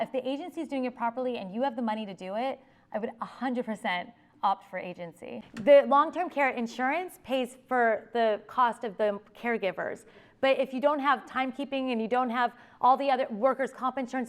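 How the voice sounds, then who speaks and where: A woman attorney giving an informal talk and taking audience questions, talking fast and restarting her sentences often. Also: a little high. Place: public library meeting room.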